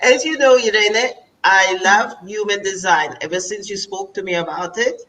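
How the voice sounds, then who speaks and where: Bright bubbly woman co-host, off mic. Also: mid-range voice, moderate pace, distant mic, rough recording. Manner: bubbly, giggly. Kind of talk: casual interview chat.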